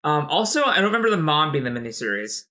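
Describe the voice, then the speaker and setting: A man's voice: a little high, big pitch swings, fast, sharp tone. A man co-hosting a podcast, chatting casually about a book with friends, rambling and acting out quotes. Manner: rambling, full of "like" and acted-out quotes. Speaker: podcast co-host. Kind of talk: casual book-club chat.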